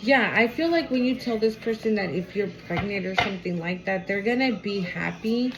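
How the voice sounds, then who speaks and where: Animated, swearing woman reading tarot. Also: medium pitch, normal speed, background noise. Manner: animated, expressive, swears freely, talks aloud to spirit. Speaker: tarot card reader. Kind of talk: casual tarot reading to camera.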